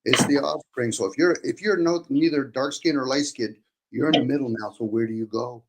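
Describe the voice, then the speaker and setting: A man's voice: mid-range voice, fairly quick, very noisy. A man hosting a casual chat, talking bluntly and profanely in long rants.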